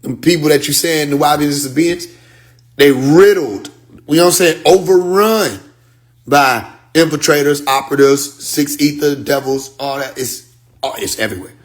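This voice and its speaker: A man's voice: a little high, normal speed. A man telling a story on a phone livestream in a casual, emphatic rant, sometimes muttering to himself. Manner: emphatic, drops to muttering while searching his phone. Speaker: livestream host.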